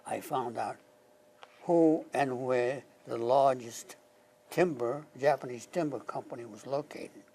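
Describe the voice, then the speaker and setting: A man in his nineties, a war veteran, telling stories from his past in an interview and sometimes dropping to a hush. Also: medium pitch, a little hiss or hum. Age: 90s. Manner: slow anecdotal storytelling, dropping to a hush at key moments. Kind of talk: reminiscing in an interview.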